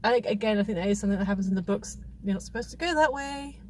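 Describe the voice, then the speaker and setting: A woman's voice: medium pitch, very fast, a crowd in the background. A woman hosting a casual film review chat, rambling and chatty with frequent laughs. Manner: rambling, chatty, laughs often, many restarts.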